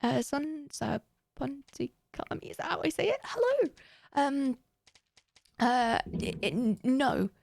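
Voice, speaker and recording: This woman's voice is high-pitched yet darkish, with big pitch swings, vocal fry, and a slow pace, recorded with no echo. Streaming a game live, she chats informally and addresses her viewers directly.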